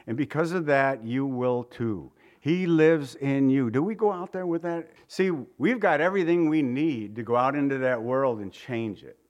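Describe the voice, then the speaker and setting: A man's voice: medium pitch, expressive, a little fast, hardly any pauses, a little mellow. A man preaching a conversational Easter sermon, joking with the congregation and asking rhetorical questions. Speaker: pastor.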